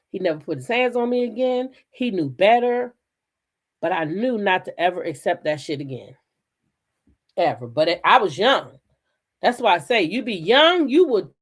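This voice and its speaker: A woman hosting her own channel, telling stories in a blunt, profane, animated style. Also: medium pitch, normal speed. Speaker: channel host. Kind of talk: casual commentary chat.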